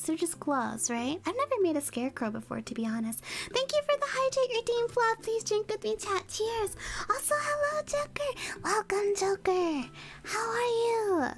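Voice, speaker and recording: A woman streamer reading a storybook aloud in ASMR style, breaking off to giggle and chat playfully with viewers over a close microphone. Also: very high-pitched. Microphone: close ASMR mic. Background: soft background music.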